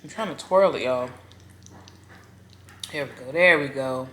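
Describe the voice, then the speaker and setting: A woman casually chatting to viewers between bites, murmuring softly as she eats at home. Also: a bass voice, measured pace, pauses often, noisy background. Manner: talks between bites with soft murmured mm sounds. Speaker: mukbang vlogger. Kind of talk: casual chat while eating. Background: faint lawn mower and clinking cutlery.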